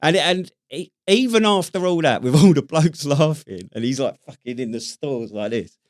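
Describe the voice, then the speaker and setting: A man's voice: a little high, lively intonation, moderate pace, dry recording, studio quality. A British man co-hosting a podcast, telling stories in casual chat with lots of swearing and laughter. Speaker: podcast co-host.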